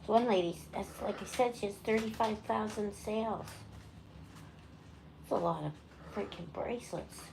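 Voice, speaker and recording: A woman with a gravelly voice hosts a parrot channel, chatting at a moderate pace with long pauses in a casual home vlog. She rambles and coos at her birds in a high sing-song way over background noise.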